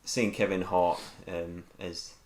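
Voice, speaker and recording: Low-voiced man, echoey room. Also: takes it slowly, a crowd in the background. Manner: relaxed, rambling with many ums. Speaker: podcast co-host. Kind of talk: casual chat. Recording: echoey room with faint hum.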